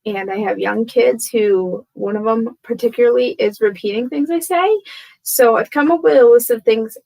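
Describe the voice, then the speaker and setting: A woman's voice: a little high, moderate pace, gravelly, a little mellow, poor audio. A woman in her thirties chatting casually to camera from home, rambling and self-deprecating, tired and frazzled, laughing often. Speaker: vlogger. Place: home room with torn wallpaper.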